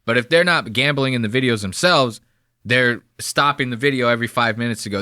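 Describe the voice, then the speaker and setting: A man's voice: mid-range voice, brisk, pushed and bright, clear, resonant tone, no echo, clean studio sound. A man in his thirties from New Jersey, hosting a podcast with rambling, mocking commentary full of swearing. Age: 30s. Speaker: podcast host. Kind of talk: casual profane commentary.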